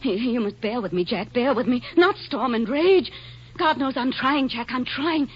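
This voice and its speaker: A woman's voice: fairly high pitch, normal speed, close to an everyday voice. A woman playing a frightened young Victorian wife in a 1940s radio drama, tremulous and pleading. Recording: dull old radio broadcast.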